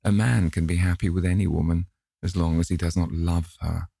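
A man reading an audiobook, playing a witty, cynical aristocratic gentleman who delivers drawling epigrams. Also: deep voice, fairly even intonation, brisk, creaky, slightly rough, no room sound, clean studio sound, full character voice. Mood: wry. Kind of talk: audiobook character voice.

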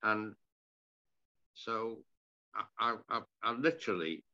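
With dull audio and a slow pace, a retired sports broadcaster interviewed as a guest tells rambling stories about his career, often at his own expense. The older man's lowish voice is sharp-toned, and he frequently clears his throat and starts over.

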